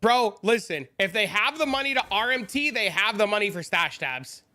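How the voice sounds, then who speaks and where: A male game streamer chats with his viewers in a casual, profane live stream. His voice is high and bright at a normal speed, and he banters in an animated way.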